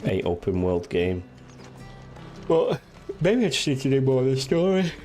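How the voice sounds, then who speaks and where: A man's voice: medium pitch, sing-song, normal speed, a little mellow. A young man casually chatting and ranting while streaming a game, swearing and acting out what characters say. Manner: rambling, swearing, acting out game lines in silly voices. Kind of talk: casual gameplay commentary. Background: game music.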